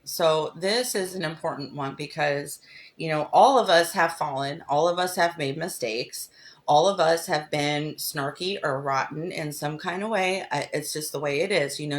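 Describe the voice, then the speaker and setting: A woman hosting a crafting livestream, talking loosely with many fillers and reading scripture aloud slowly. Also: low-pitched. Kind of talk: casual devotional talk while crafting.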